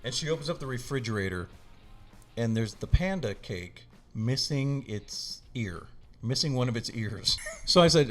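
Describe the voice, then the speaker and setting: Lively man telling a funny story. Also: medium pitch, moderate pace, soft background music. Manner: animated, acts out voices, laughs often. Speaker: podcast guest. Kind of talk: casual storytelling.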